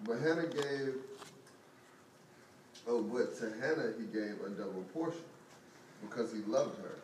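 A man reads scripture aloud slowly and haltingly, tripping over the old names. He sounds far from the mic in an echoey room with a faint background noise. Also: mid-range voice, darkish tone. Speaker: student reading scripture aloud. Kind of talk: reading aloud in class.

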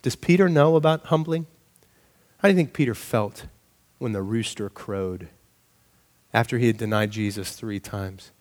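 A man preaching a sermon in a conversational, animated way, often asking the congregation rhetorical questions. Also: lowish voice, normal speed, long pauses. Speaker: pastor.

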